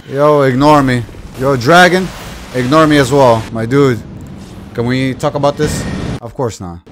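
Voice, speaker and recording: A young man giving exasperated, shouting commentary while playing a game. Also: medium pitch, a little slow, background noise. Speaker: gaming streamer. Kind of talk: live gameplay commentary.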